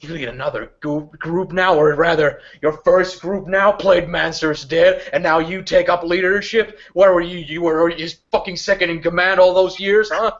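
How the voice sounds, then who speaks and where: A man's voice: fairly high pitch, steady tone, moderate pace, few pauses, fairly bright tone, voice pushed up. A game master voicing a furious, foul-mouthed woman gang boss, swearing constantly and hurling accusations. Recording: dull lo-fi recording.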